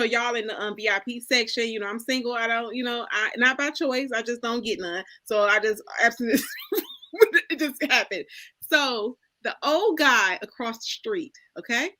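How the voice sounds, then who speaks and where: High bright-voiced woman telling animated stories. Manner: animated storyteller acting out dialogue, laughing often. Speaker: panel host. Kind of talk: casual storytelling chat.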